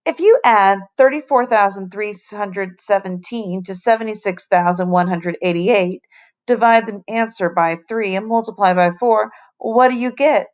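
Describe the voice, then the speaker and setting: A woman's voice: mid-range voice, lo-fi sound, natural voice. A woman doing a stern male schoolteacher. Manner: firm, measured, lectures and scolds.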